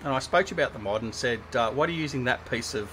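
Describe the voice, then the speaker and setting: A man's voice: medium pitch, lively intonation, rapid-fire, fairly bright tone, a little hiss or hum. Chatty man hosting a gaming stream. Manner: chatty, teasing, thinking aloud while playing. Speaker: livestream host. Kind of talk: casual gaming livestream chat.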